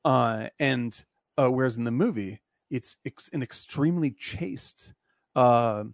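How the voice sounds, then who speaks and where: A man's voice: medium pitch, slow pace, vocal fry, dry recording. A man hosting a casual film discussion, blunt and profane, rambling with lots of fillers.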